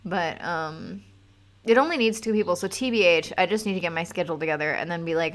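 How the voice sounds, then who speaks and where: A woman's voice: on the low side, fast talker. A young woman streamer chatting casually on a live stream, rambling with lots of fillers and swearing freely. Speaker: streamer and game designer.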